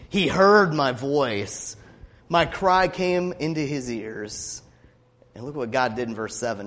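A pastor preaching a sermon, passionately building up to loud declamation as he reads scripture. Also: mid-range voice. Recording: long reverb of a hall.

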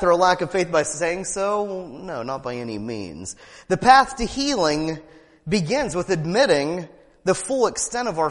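A man preaching with a fervent, emphatic delivery, circling back on key phrases and firing off rhetorical questions. His voice sits high for a man and swings widely in pitch. A long reverb hangs behind him, as in a large hall. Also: a bit bright. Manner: breaks into laughs and quick asides. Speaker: pastor. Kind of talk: sermon.

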